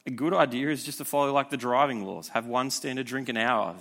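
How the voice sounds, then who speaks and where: A young man giving a youth sermon in a conversational, energetic way, with frequent rhetorical asides. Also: medium pitch, brisk. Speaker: youth pastor.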